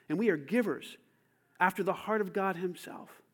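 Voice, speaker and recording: Moving from hushed, intimate moments to shouting for his congregation to repeat after him, a pastor delivers a sermon to his church. He has a high voice and speaks at a moderate pace.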